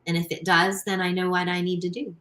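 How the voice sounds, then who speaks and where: A woman's voice: lowish voice, level tone, a little fast, fairly bright tone, rough recording. A woman who is a guest on a podcast, speaking reflectively in casual conversation and rephrasing as she goes.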